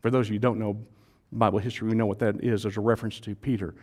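In a lowish voice and a rapid-fire rhythm, a male preacher addresses his congregation during a service, animated and conversational, asking them questions and joking around.

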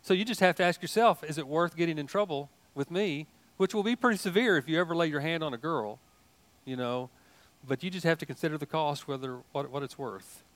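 An older man preaching a sermon in a folksy, animated way, mixing asides and jokes into his teaching. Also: a little high, brisk. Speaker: pastor.

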